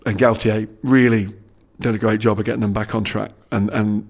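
Speaking at a normal speed with a lowish, fairly even voice and some vocal fry, this middle-aged former rugby player chats as an interview guest. The conversation is casual, and he rambles, restarting often and saying "you know" a lot.

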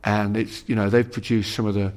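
A man's voice: on the low side, flat delivery, brisk, darkish tone. A middle-aged man and former rugby player, talking as an interview guest in a rambling way, full of restarts and "you know". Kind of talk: casual conversational interview.

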